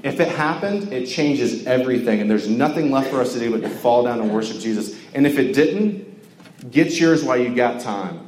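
Young male preacher from Georgia, loose and chatty, mid-pitched voice, reverberant hall with low background hum. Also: expressive, normal speed, a little mellow. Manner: conversational, joking, lots of filler words. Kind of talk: casual sermon to a campus crowd. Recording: echoey hall with faint ambience.

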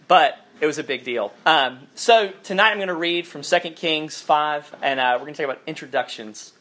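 A man's voice: fairly high pitch, fairly quick, hardly any pauses, sharp tone, slight background noise. A man from southern Alabama with a faded Southern accent, giving a chatty, informal sermon as a campus minister and reading scripture aloud. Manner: chatty, self-deprecating, many fillers.

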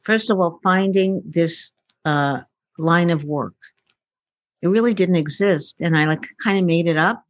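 A woman's voice: on the low side, unhurried, dry recording, highs cut off. Chatty woman telling stories, dry sound. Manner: chatty, acts out quoted dialogue, many fillers. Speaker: guest, futurist. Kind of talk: casual storytelling interview.

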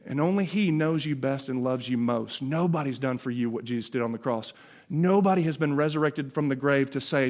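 A man's voice: on the high side, animated, a little fast. A man with a Southern US accent preaching an Easter sermon, impassioned and conversational, often restarting his words. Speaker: pastor.

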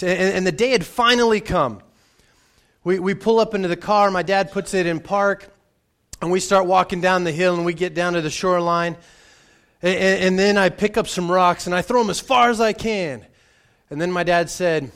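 Pastor guy preaching casually, voice a bit on the high side, keeps doubling up words. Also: steady tone, normal speed, fairly bright tone. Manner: conversational, often repeats words as he restarts. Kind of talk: sermon with a personal story.

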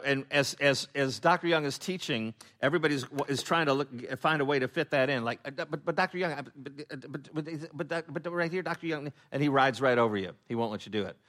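A man preaches in a loose, joking style of conversational Bible teaching, using many fillers and restarts. His medium-pitched voice is bright and forceful, and he gets laughs by acting out the voices of people he quotes.

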